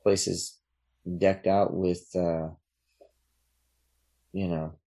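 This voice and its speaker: Very deep-voiced man, relaxed and rambling. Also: extremely slow. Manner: relaxed, rambling with many fillers and restarts. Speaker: podcast guest, artist. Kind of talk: casual interview chat.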